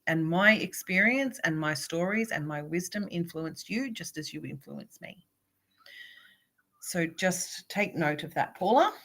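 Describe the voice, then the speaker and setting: A woman with a slightly low voice reads oracle cards live as a spiritual coach. She speaks warmly and encouragingly, addressing each viewer by name. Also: animated, measured pace.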